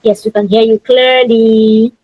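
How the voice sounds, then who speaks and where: A woman's voice: on the high side, flat delivery, a little slow, phone-quality sound. A woman hosting an online event over a video call, reading a formal introduction. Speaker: host.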